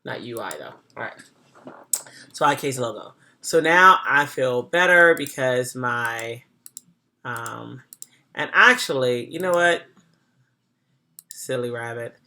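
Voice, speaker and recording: Speaking slowly at a medium pitch with lively intonation, a design instructor chats through a software tutorial. They think out loud and fix their own slips as they go.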